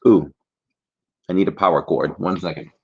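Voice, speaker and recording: A man's voice: sits low, normal speed, creaky, phone-quality sound, a little hiss or hum. A man hosting a casual trivia livestream, chatty and jokey, rambling between questions.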